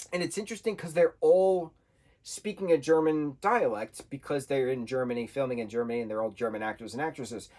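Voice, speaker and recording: A man giving an excitable, casual review monologue, peppered with slang and repeated exclamations. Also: mid-range voice. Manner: excitable, animated, repeats slang like "bro" and "wild". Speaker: show reviewer.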